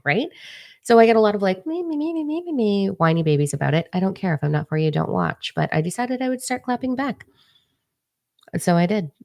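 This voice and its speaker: A woman's voice: low-pitched, gravelly, darkish tone, no echo, studio quality. A young woman giving a chatty spiritual talk, swearing freely and acting out other people's voices. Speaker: spiritual channeler. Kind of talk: casual spiritual vlog talk.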